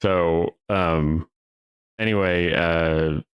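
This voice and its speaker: A young man hosting a podcast, telling a work story in a casual, animated way. He acts out the people he quotes and reacts to his chat. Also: low voice, drawn-out words, clear, resonant tone. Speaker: podcast host.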